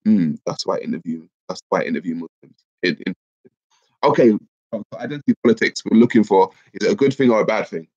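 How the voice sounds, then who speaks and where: A man's voice: on the low side, a little fast. A man, bunged up with a cold, hosting a casual livestream and reading out viewer comments. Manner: reads viewer comments aloud, lively and chatty. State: congested, bunged up. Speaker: livestream host. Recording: dull lo-fi stream audio.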